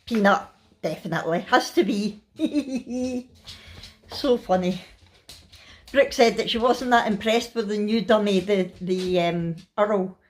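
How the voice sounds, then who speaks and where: Chatting from her bed at home for a family vlog, a middle-aged Scottish woman sounds tired yet at ease, laughing often. Her voice sits at a medium pitch and moves slowly in this casual, chatty style.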